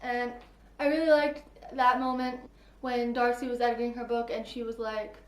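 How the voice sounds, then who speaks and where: A woman's voice: a little high, little pitch movement, moderate pace. A woman reviewing a novel in a casual vlog, gushing and filling her sentences with "like" and "I really liked". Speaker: book reviewer. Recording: echoey room.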